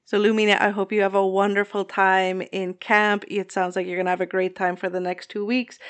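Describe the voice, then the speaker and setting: A woman's voice: lowish voice, clean tone. A woman hosting a gardening podcast, asking questions in an upbeat, playful way and talking to her listeners. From Southwestern Quebec. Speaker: podcast host. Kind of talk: casual podcast interviewing.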